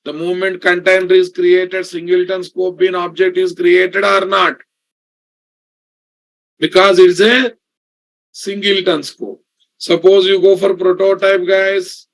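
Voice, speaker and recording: Slow, higher-pitched male coding teacher. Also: little pitch movement, gravelly. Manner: repeats points, addresses class as guys and boss. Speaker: programming instructor. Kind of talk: live coding lesson.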